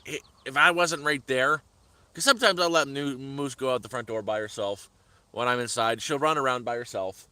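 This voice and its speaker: A man's voice: medium pitch, normal speed, sharp tone, clean tone, no room sound. A man on a live stream outdoors in the woods, telling a heated story in repetitive bursts. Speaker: vlogger. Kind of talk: angry live-stream rant.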